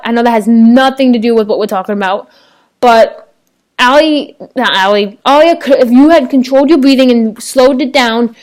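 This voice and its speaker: Excitable high-voiced young woman vlogging. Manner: rambling, excitable, many fillers and restarts. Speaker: vlogger reviewing a TV episode. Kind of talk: casual chat to webcam. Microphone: laptop webcam microphone.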